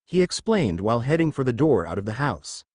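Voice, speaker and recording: A man's voice: medium pitch, sing-song, brisk, darkish tone, slightly rough, no echo, clean studio sound. A man narrating a fan fiction story and reading every character's lines himself.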